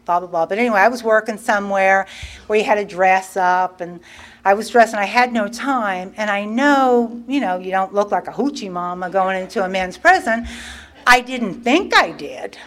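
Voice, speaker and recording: A middle-aged woman sharing her recovery story in a casual, animated way, acting out quoted dialogue and laughing often. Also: mid-range voice, normal speed. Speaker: guest speaker.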